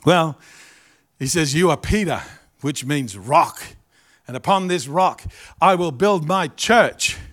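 A middle-aged man with an Australian accent preaching a sermon, animated and jokey, acting out little asides. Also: a little high, slow pace, long pauses. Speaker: pastor.

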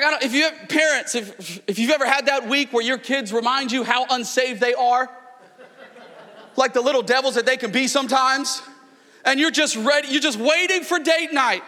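Pastor, male, 30s, high bright voice, lively storyteller, reverberant church hall. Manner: animated storytelling, rising to near-shouts. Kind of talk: sermon.

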